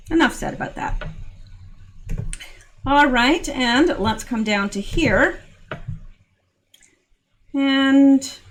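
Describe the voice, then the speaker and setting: A woman's voice: fairly high pitch, a little hiss or hum. A woman hosting her own commentary channel, talking casually and earnestly with lots of fillers and restarts. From Canada. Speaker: political commentary channel host.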